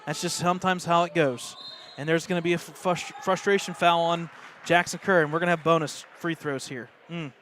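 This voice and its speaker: An American man doing live play-by-play of a high school basketball game, excitable and openly rooting for the home team. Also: brisk, a little hiss or hum. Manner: excitable, partisan, rising pitch on plays. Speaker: play-by-play announcer.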